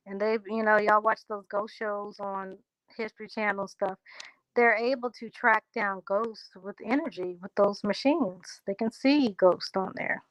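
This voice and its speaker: A woman chats on a livestream, reading out her viewers' comments and answering each one. Her talk is loose and unhurried, drifting into a country drawl. The sound is dry and close, with no room around her. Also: mid-range voice, no room sound, rough recording. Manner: talks straight to viewers, reads out comments and answers them. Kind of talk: casual livestream chat.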